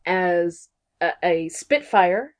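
A woman's voice: lowish voice, expressive, very slow. A woman from Texas co-hosting a podcast, chatting casually and gushing about a TV episode. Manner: bubbly and gushing, with giggly asides. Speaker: podcast co-host. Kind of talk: casual chat recapping a TV episode.

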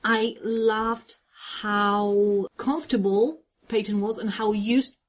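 A woman's voice: medium pitch, steady tone, slow pace. A woman co-hosting a podcast, chatting casually and teasing her co-host with laughing asides. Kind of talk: casual chat recapping a TV episode.

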